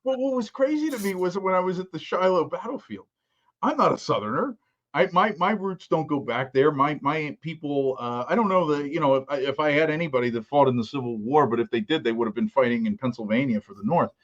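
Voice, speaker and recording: A man with a fairly high voice co-hosts a podcast in a loose, rambling way, circling back and repeating words as he builds his point. His audio comes through dull and lo-fi. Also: fairly quick. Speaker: podcast co-host. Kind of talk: casual discussion.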